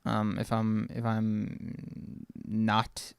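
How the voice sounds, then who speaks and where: A man's voice: on the low side, completely flat delivery, very slow, gravelly, clear, resonant tone, dry recording. A man co-hosting a podcast, chatting casually with a lot of swearing and stammered repeats. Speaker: podcast co-host. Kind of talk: casual chat reacting to live chat.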